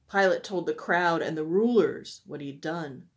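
A woman on a church staff reading a Bible story aloud to children, expressive and asking wondering questions. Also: low-pitched, unhurried.

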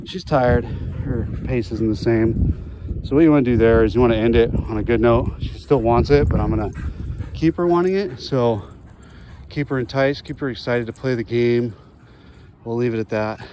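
A man from Oregon filming himself training his dog outdoors on a handheld phone, talking quietly to the camera and calling out high and excited to the dog. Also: slight background noise. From Oregon, USA. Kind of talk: casual vlog narration. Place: outdoors, playing fetch with a dog.

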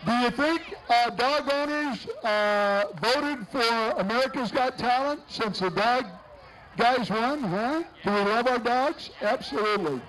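A man's voice: extremely high pitch, a little slow, fairly bright tone, slight background noise, low-quality recording. A man announcing a street parade outdoors, joking and bantering with the people passing by. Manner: jokey, bantering with passing entrants. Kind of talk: live parade commentary.

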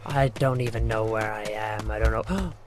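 A man's voice: on the low side, steady tone, normal speed, over music. A young man giving rambling, jokey gameplay commentary, talking to himself as he plays. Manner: rambling, jokey self-talk. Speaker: gaming channel host.

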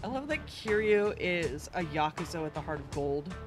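A man streaming a video game, giving casual, excitable commentary that swears a lot and shouts sound effects during fights. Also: fairly high pitch, normal speed, over music.

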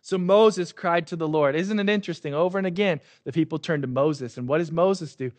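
High-voiced chatty pastor preaching. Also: male voice, brisk. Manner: conversational, asks "right?" often. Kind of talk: sermon.

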